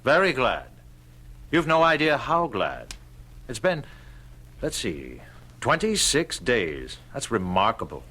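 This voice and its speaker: An actor playing a cold, smooth-spoken male captor who questions his prisoner politely, in an old radio drama. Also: mid-range voice, wildly swooping pitch, takes it slowly, pauses often, bright, forceful tone, full character voice. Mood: probing. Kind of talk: 1970s radio drama acting.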